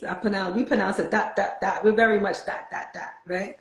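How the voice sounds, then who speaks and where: A woman's voice: medium pitch, steady tone, a little fast. Brief: New York woman, chatty livestream host, laughs easily, roomy echoey sound. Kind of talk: casual livestream chat. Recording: roomy echo.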